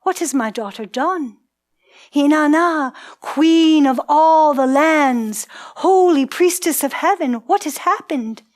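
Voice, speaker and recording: A woman's voice: fairly high pitch, steady tone, slow, darkish tone. A woman voicing a grieving divine mother who pleads in anguished questions, in a ritual storytelling performance. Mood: troubled. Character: grieving divine mother, anxious for her daughter.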